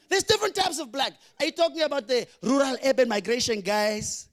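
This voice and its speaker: A young Namibian man doing a stand-up comedy routine, animated, shouting his punchlines and acting out characters. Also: extremely high pitch, fairly quick. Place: comedy venue with live audience.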